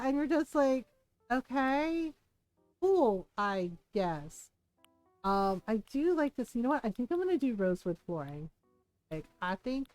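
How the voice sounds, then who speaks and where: Woman streamer: casual, animated and quick to laugh, with a slightly high voice. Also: no room sound, rough recording. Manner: animated, laughs often, swears freely. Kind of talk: casual gaming stream chat.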